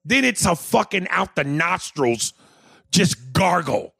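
Man, podcast co-host, casual chat, boisterous, profane, lively pitch, dry sound. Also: slow pace, vocal fry, husky, dry recording. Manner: profane, boisterous, laughs a lot.

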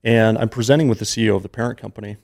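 A man's voice: on the low side, fairly even intonation, very fast, vocal fry, darkish tone. A man in his thirties, a podcast guest, telling a personal story in an earnest, emotional, conversational way.

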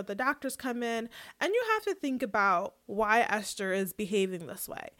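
A woman co-hosting a casual chat, retelling a TV episode in an animated storytelling way with laughs. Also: on the high side, no echo, clean studio sound. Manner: lively storytelling recap with quoted voices and laughs. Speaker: podcast co-host recapping a TV episode.

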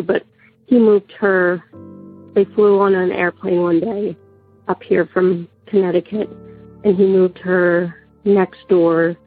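A woman with a sick, raspy voice tells her story over a tinny phone line. Her tone is gravelly and a little low, and she tells it steadily with soft hesitations. Faint music plays underneath. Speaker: caller. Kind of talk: telling a personal story by phone.

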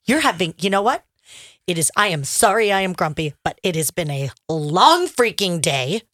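A woman in her thirties co-hosting a talk show, telling a story in an animated way and laughing often. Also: mid-range voice. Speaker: radio show co-host. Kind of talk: casual storytelling chat.

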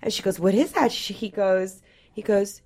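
Quick-talking woman co-host. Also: medium pitch, darkish tone. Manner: quick, chatty, reacts a lot. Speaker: podcast co-host. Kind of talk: casual chat.

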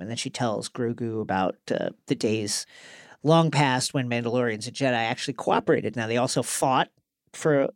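A man's voice: medium pitch, normal speed, no room sound, clean studio sound. A man co-hosting a podcast, recapping an episode in casual chat with a playful, joking manner. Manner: playful, retells scenes with quoted voices. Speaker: podcast co-host.

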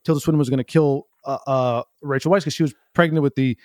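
A man telling a long, earnest story, rambling and halting with many restarts. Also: medium pitch, steady tone, darkish tone, dry recording, clean studio sound. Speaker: guest. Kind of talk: improv comedy storytelling.

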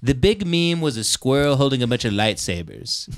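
A man co-hosting a comedy podcast, telling absurd jokes in a deadpan way. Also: mid-range voice, moderate pace, clean tone. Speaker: podcast co-host. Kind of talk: casual comedic banter.

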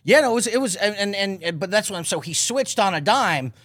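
Lively, animated man telling a story. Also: high-pitched, brisk, husky, no room sound, studio quality. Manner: animated storyteller, swears freely, acts out quotes. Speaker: guest. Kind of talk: casual podcast storytelling.

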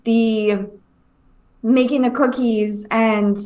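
A woman's voice: a little high, fairly even intonation, extremely slow, a little mellow. A woman in her forties co-hosting a podcast, chatting candidly and getting teary. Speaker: podcast co-host. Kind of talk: casual chat.

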